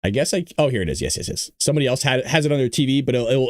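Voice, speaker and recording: A man's voice: medium pitch, expressive, racing, no room sound, studio quality. Sarcastic man hosting a news commentary show. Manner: sarcastic, laughs often. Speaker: host.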